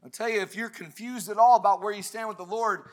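A man's voice: high voice, steady tone, quick pace. A man preaching a sermon at a church service, fervent and building to emphatic peaks.

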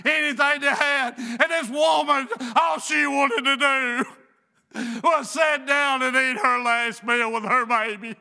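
A man preaching a fervent sermon, often breaking into shouts. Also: very high-pitched, fairly even intonation, slow pace, vocal fry.

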